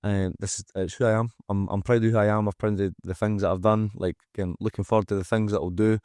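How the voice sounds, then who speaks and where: A Scottish gym owner, appearing as a guest on a candid podcast, speaks frankly and emphatically, swearing freely and acting out what people say. His voice is on the low side, fast, darkish and clean, with little pitch movement. The close-miked studio recording is dry, with no room sound.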